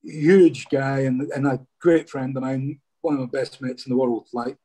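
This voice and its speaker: A man's voice: mid-range voice, fairly even intonation, moderate pace, dark tone. A Scottish man, a former footballer, telling stories casually in an interview and often saying "mate". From Scotland. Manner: chatty, says "mate" a lot.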